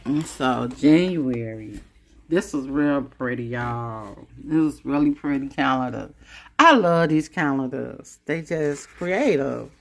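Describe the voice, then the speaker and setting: Slow, lively-voiced woman in her fifties. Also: rumbling low, creaky. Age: 50s. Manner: chatty, musing, addresses viewers as y'all. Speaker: vlogger. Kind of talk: casual chat to camera.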